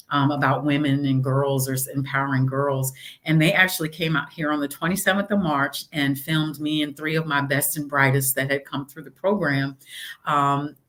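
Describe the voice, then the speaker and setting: A middle-aged woman, a mayor, chatting casually in an interview and telling stories with lively acted-out quotes. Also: low-pitched. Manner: animated storytelling, acts out quotes.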